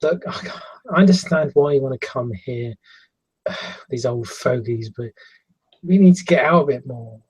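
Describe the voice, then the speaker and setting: A man voicing a bubbly, teasing young girl in a tabletop game, with a high, fussing voice. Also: a little slow, darkish tone, husky, poor audio. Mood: coaxing.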